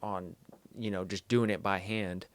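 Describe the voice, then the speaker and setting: A young man with a very low voice hosts a podcast from a small studio. He talks loosely, full of "like" and "dude," swearing now and then and laughing along with his friend. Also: fairly even intonation, a little slow. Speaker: podcast host. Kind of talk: casual chat.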